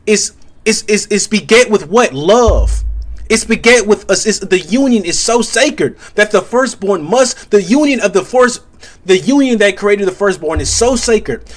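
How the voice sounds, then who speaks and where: High-voiced young man, halting rambling talk. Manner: halting, many restarts, keeps asking "you see what I'm saying". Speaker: content creator. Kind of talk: rambling spiritual commentary monologue.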